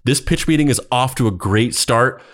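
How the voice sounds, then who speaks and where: A man voicing an upbeat studio executive who rallies a pitch meeting in a peppy, rallying way. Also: normal speed, close to an everyday voice.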